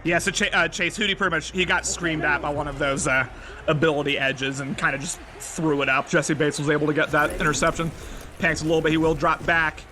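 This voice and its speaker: Excitable young man calling game plays. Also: a little high, fast, crowd noise. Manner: excitable, bursts into loud shouts on big plays. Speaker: game commentator. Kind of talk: casual play-by-play commentary of a video game. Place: library. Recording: noisy background.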